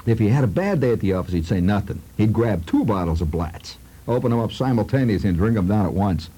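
A man's voice: lowish voice, big pitch swings, fast, dark tone, breathy edge, rough recording. A man telling a humorous childhood story in a rambling, conversational way with asides to his listeners.

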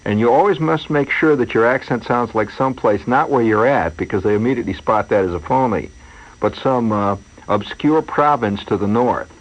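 A man's voice: mid-range voice, normal speed. A man hosting a radio show, rambling through a wry comic monologue full of asides and digressions. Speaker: radio host. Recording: dull lo-fi radio broadcast.

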